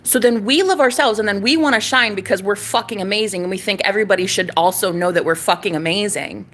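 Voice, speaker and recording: Woman, thirties, sassy casual rant, emphatic, profane, middle pitch. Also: fast, a bit bright. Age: 30s. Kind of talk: casual ranting monologue.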